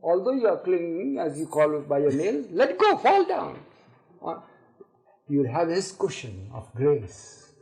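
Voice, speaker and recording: An older man telling a spiritual story, halting and repeating words, with laughs, on an archival tape recording. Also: fairly high pitch, sing-song, gravelly, dark tone, poor audio. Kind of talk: spiritual reminiscence talk.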